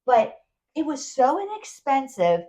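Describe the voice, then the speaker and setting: A woman co-hosting a podcast, telling a travel story in casual chat, animated and full of restarts. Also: high voice, unhurried, over a noisy crowd, rough recording. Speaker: podcast co-host.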